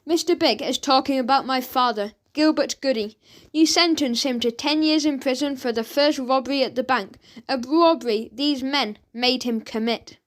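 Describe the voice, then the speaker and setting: A woman's voice: high-pitched, normal speed, lightly acted. A woman voicing a polite, earnest boy.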